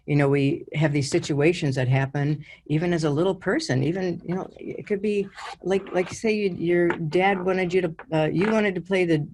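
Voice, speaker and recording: A woman's voice: low voice, a little mellow. Chatty woman giving a motivational talk. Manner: conversational, full of fillers and asides. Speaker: wellness coach and speaker.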